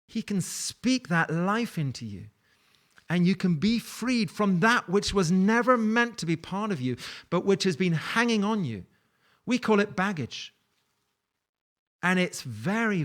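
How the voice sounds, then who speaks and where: Man preaching in a lifted conversational tone. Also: sits high. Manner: warm conversational preaching with light laughs. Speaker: pastor. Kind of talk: sermon.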